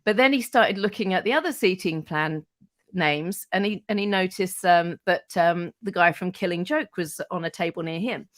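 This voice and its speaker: A middle-aged woman, a radio presenter telling casual anecdotes as a podcast guest, animated and freely swearing. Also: fairly low pitch, moderate pace. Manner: animated, acts out quoted voices, swears freely.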